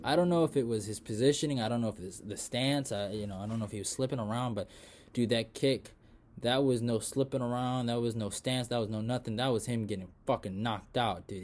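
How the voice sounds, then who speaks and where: A young man hosting a casual fight recap, rambling with many fillers and restarts, dropping into mumbles, then bursting out loud and excited. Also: medium pitch. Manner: rambling, lots of fillers and restarts, swears freely; swings from mumbled asides to excited loud outbursts. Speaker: MMA predictions channel host.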